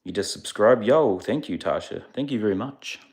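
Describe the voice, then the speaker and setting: A man's voice: on the low side, animated, moderate pace, darkish tone, breathy edge. A man casually chatting on a livestream, laid-back and rambling, a little sleepy. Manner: laid-back, rambling, answers chat questions. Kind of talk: casual live-stream chat.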